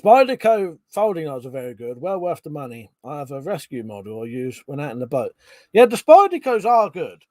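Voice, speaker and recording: This British host talks briskly, with hardly any pauses, in an animated, mid-range, slightly mellow voice and no echo. On his casual live stream he chats loosely, swears freely and reads out viewer comments.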